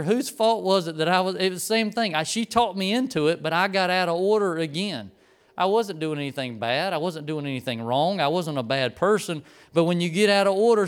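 Middle-aged male preacher, animated storyteller with a smooth, fairly high voice. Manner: animated storyteller, acts out the people in his story. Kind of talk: storytelling sermon.

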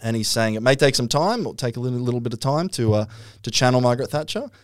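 A man chats with friends and tells a funny story with plenty of laughter. His voice is smooth and clear, and it sounds dry and close to the mic. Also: medium pitch, fast, no room sound. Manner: laughing storyteller, animated retelling. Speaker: podcast co-host. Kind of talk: casual comedic chat.

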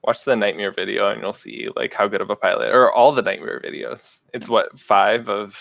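A man's voice: lowish voice, steady tone, moderate pace, creaky, a bit bright, no room sound. A man chatting casually as a podcast guest, filling his talk with "like". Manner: chatty, lots of "like" fillers. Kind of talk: casual chat. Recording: dull, dry lo-fi audio.

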